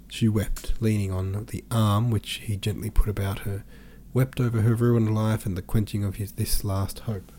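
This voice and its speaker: Low mellow guy reading an old novel aloud, steady pace, tiny bit of hiss. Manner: steady, measured, even storytelling. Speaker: podcast host and audiobook reader. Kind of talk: audiobook narration of a classic novel.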